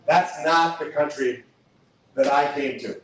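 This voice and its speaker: A man's voice: on the high side, takes it slowly, a little hiss or hum. A man giving a campaign stump speech. He talks emphatically, whose first language is Spanish, and repeats key lines for effect. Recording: echoey hall from far off.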